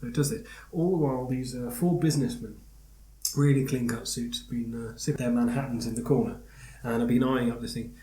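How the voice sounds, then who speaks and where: A man's voice: medium pitch, brisk. Rambling man telling a joke in a roomy space. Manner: rambling, animated storyteller with many fillers. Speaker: podcast host. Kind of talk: casual chat, telling a joke. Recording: roomy echo.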